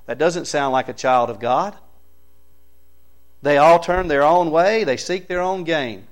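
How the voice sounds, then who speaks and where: A man's voice: fairly high pitch, measured pace. Man preaching with emphatic scripture reading. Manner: reads scripture aloud with rising emphatic bursts. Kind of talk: sermon.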